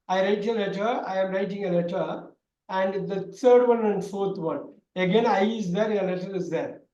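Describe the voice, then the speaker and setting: A man teaching an online grammar class, talking loudly and repeating himself with many fillers. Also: high voice, muffled recording. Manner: loud, repetitive explaining with many fillers. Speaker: English teacher. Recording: echoey room.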